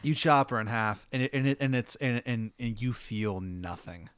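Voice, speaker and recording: A man's voice: medium pitch, moderate pace, a bit bright, clean tone, dry recording, studio quality. A young man narrating a tabletop game as game master, casual and profane, often stumbling over repeated words.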